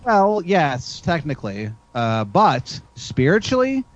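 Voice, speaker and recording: A man from Virginia trading jokes in a loose podcast chat, his pitch swinging all over the place. He is sarcastic and curses freely. The sound is dull and lo-fi. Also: big pitch swings, slow pace. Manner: joking, sarcastic, swears. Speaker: podcast co-host. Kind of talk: casual chat.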